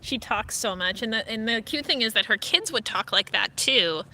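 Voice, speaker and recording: A woman filming her foster cats at home and in the yard, chatting to them in cooing baby talk and to her viewers in a relaxed way. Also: a little high, normal speed. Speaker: cat foster streamer. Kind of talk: casual talk to pets on camera. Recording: faint wind and outdoor noise.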